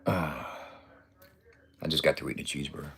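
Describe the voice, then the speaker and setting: A man's voice: rumbling low, flat delivery, fairly quick, vocal fry, a bit bright, breathy edge. A man in his fifties talking casually in a loose, profane, boastful way and laughing often. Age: 50s. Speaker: vlogger. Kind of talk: casual rambling vlog.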